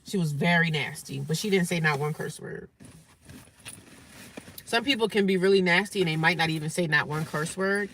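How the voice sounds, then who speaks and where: This New Jersey woman vlogger speaks at a moderate pace in a low, slightly bright voice, ranting casually and profanely about a rude customer. She laughs frequently and imitates callers with exaggerated voices. Slight background noise is present.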